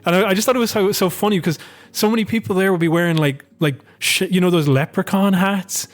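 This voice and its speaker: A man co-hosts a podcast in casual, animated chat. He rambles and swears as he tells a story, and his voice sits a little high. Faint music plays behind him. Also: fast. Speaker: podcast co-host.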